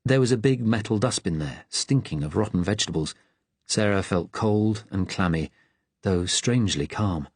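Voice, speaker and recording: A man narrates an audiobook in a measured, tense storytelling manner. His voice sits low with a husky edge. The recording is dry and close. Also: animated, dry recording.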